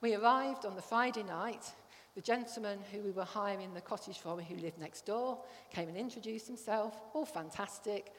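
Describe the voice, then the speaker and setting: A woman's voice: medium pitch, moderate pace, hardly any pauses. A middle-aged woman giving a sermon, telling a personal story in an earnest way. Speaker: church speaker. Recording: long hall reverb.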